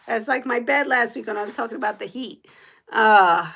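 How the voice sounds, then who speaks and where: A woman's voice: on the high side, measured pace, gravelly, fairly bright tone. A woman from the United States hosting a quilting live stream, chatting casually with viewers, laughing often.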